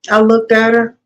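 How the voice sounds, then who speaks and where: A woman's voice: a little high, dull audio. A woman guest in a casual interview, telling stories animatedly and acting out what others said. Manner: animated storytelling, quotes others in lively voices.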